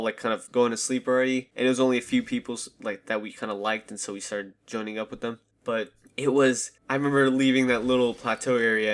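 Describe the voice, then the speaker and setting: A man's voice: medium pitch, fairly bright tone. A young man hosting his channel, telling a story in a casual, rambling way full of slang and fillers, into a desk microphone. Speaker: channel host. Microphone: desk USB microphone.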